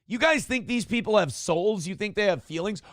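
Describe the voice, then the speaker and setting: A man's voice: high voice, expressive, normal speed, a bit bright, no room sound, clean studio sound. A man hosting a morning show, giving blunt, profane, ranting commentary on the news and reading out chat comments.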